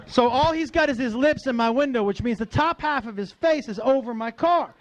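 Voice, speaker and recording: A middle-aged male stand-up comedian tells a story on stage in an animated, profane way, acting out the characters. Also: very high voice, a little fast.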